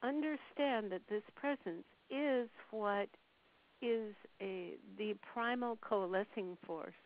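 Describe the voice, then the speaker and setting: A woman channeling a spirit's words on a phone call, speaking in a slow, measured, soothing way with long pauses. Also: mid-range voice. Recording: tinny phone line with faint hiss.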